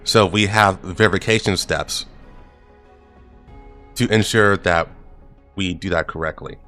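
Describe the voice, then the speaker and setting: A man's voice: low voice, a little slow, bright, forceful tone, soft background music. A gaming streamer casually telling a work anecdote, laid-back and chuckling as he goes.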